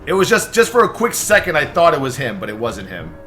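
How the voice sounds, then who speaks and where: A young man hosting a live stream, stressed and excitable, swearing and thanking subscribers in quick bursts. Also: mid-range voice, music in the background. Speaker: livestream host. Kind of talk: live reaction stream chatter.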